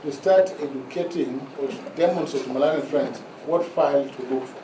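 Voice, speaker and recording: A man, an advocate making a formal submission in court, measured and deliberate, often addressing the bench and slowing down for emphasis. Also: a little high. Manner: formal, measured, repeats "my lords" and slows to stress points. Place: large courtroom. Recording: echoey courtroom heard from a distance with noise.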